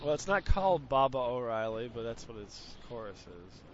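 A man's voice: mid-range voice, big pitch swings, moderate pace, crowd noise. A man chatting casually, throwing in dry wisecracks and teasing jokes. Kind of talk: casual comedic chat. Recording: dull lo-fi sound.

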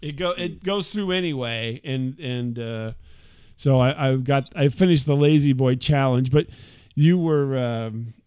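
A middle-aged man co-hosting a podcast, telling a story in a lively, casual way and mimicking the voices of others. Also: mid-range voice, a little slow, smooth, dry recording, clean studio sound. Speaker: podcast co-host. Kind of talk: casual chat.

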